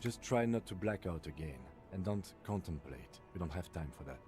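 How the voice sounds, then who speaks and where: An actor playing a calm, dry-witted police lieutenant, curt and deadpan in a video game. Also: male voice, sits low, moderate pace, faint music behind. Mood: weary. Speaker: police partner.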